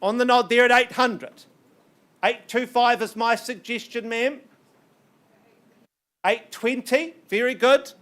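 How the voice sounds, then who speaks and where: A man working as an auctioneer, calling bids in a brisk, coaxing patter with banter, his voice strained and getting worn. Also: very high-pitched, steady tone, a bit bright. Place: auction room.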